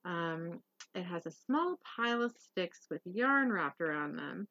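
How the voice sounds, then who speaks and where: A woman's voice: on the low side, expressive, unhurried, sharp tone, dull audio. A woman hosting a casual podcast, recapping a TV episode in a chatty way with fillers and laughter.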